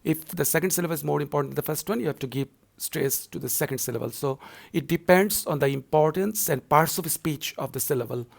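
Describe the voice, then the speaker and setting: A man's voice: a little high, fast, creaky. A male university lecturer explaining poetry scansion to students in a repetitive, explanatory way, with frequent filler words.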